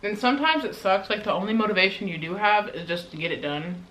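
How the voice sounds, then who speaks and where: Chatty bright-voiced teenage girl. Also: medium pitch, fast talker, poor audio. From Colorado, USA. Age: teens. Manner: chatty, lots of "like" fillers, talks while eating. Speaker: vlogger. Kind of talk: casual mukbang chat.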